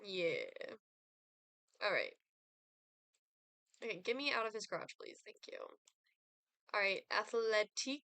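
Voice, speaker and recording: A woman's voice: mid-range voice, animated, slow pace, long pauses, sharp tone, no room sound. A young woman streaming a life-sim game, chatting casually with lots of fillers and giggles. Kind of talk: casual gameplay chat.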